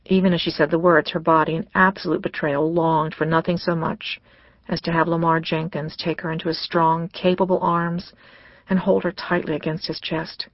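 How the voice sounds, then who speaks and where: Read in a measured, scripted way as an audiobook narrator, with a gravelly voice in a dull, dry recording. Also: mid-range voice, little pitch movement, no room sound.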